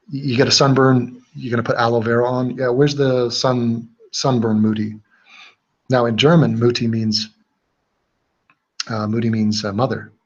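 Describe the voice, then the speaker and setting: A man's voice: medium pitch, muffled recording. A man hosting a livestream, reading out chat comments and chatting casually in a rambling, joking way. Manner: rambling, joking, with fillers and restarts.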